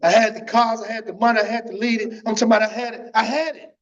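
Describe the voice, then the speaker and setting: Man, high voice, preaching his testimony with fervor, keeps saying "man"; muffled church stream audio. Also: steady tone, fast, a bit bright. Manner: fervent, repeats phrases, tags lines with "man".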